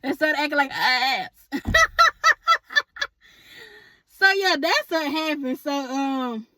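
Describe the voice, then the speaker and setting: Sassy woman tarot reader with a high voice and a dry, close sound; chatty, pet names for viewers. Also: lively intonation, a little slow, bright, forceful tone, no echo. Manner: sassy, chatty, calls viewers honey and boo; laughs often, asks spirit aloud. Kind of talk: casual tarot reading to viewers.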